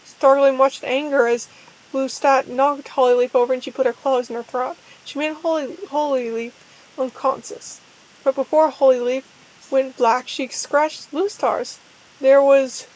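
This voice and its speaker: Brief: woman, high-pitched, parody dramatic reader, mock-earnest with deliberate slips. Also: fairly even intonation, darkish tone, poor audio. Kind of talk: parody dramatic reading of a fan story.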